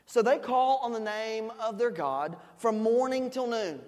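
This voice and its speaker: A preacher giving a sermon with playful, joking storytelling, swinging between loud shouts and quiet asides. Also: mid-range voice, measured pace, big-room sound.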